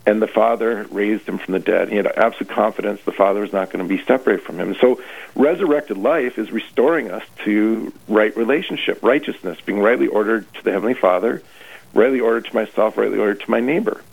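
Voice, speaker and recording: A man's voice: lowish voice, fairly quick, vocal fry. A man, a priest leading a retreat, preaching earnestly on a radio show and often restarting his phrases. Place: radio broadcast. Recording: tinny phone-like radio line.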